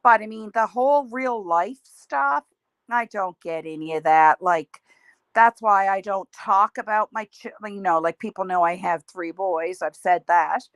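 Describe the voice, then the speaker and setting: A woman's voice: mid-range voice, unhurried, no echo. A middle-aged woman hosting a casual livestream, chatting in a rambling way and answering viewer comments. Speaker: livestream host.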